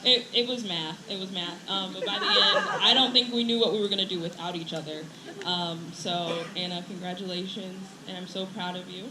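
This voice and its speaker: A woman teacher giving a warm, teasing graduation speech, laughing often and close to tears. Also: on the low side, steady tone, brisk. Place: outdoor ceremony with crowd. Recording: echoey outdoor sound with crowd and noise.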